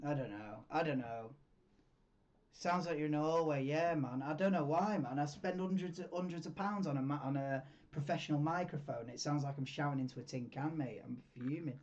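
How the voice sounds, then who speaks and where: A man hosting a live stream, chatting casually in a rambling, excitable way and swearing freely. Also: a little high, fairly quick. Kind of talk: casual live watchalong chat. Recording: dull lo-fi mic, tinny.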